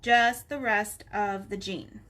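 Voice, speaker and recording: A woman's voice: medium pitch, steady tone, slow pace, fairly bright tone. A middle-aged woman in her home office, chatting unhurriedly as she gives step-by-step coloring instructions. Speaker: art instructor. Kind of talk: relaxed coloring tutorial.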